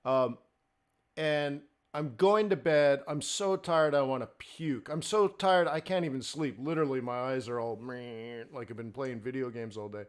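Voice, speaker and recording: A man's voice: medium pitch, normal speed, smooth. A middle-aged man hosting a live forex trading stream, talking in a blunt, fired-up, ranting way.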